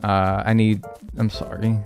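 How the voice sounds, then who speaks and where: This man's voice is fairly low and a little mellow, with a level tone and measured pace, and faint music plays behind. Streaming a speedrun, he banters casually with viewers, rambling, joking and swearing freely.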